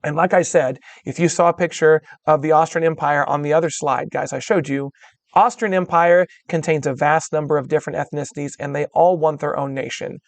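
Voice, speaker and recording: A man's voice: a little high, steady tone, a little fast, dry recording. A man teaching a history lecture in a conversational way, calling his students "guys" and checking in with "all right?" as he goes. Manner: acts out voices of historical groups in quotes. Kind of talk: recorded classroom lecture.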